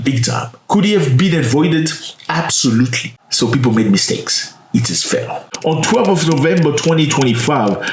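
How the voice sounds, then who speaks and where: Animated man in a roomy echo. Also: mid-range voice, a little hiss or hum. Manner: animated, expressive, drops to hushed asides. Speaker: commentary channel host. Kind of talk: casual opinion commentary. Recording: roomy echo, slightly distant mic, faint music.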